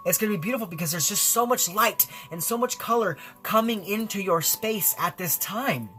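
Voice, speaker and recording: Bright-voiced, effusive male tarot reader. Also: high voice, expressive, brisk, few pauses. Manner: effusive, rambling, full of fillers. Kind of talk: spiritual tarot reading.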